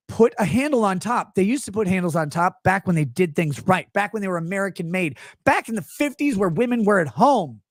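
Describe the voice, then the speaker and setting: A man's voice: sits high, no room sound, clean studio sound. A man hosting a livestream, ranting about everyday gripes with profanity and sarcasm, and reading chat messages aloud. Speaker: livestream host.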